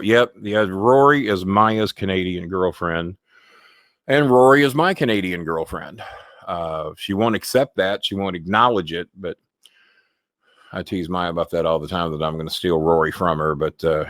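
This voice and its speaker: Low-voiced rambling male live-stream host. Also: no room sound, clean studio sound. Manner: rambling and chatty, with loose profanity. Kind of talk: casual live-stream chat. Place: at home.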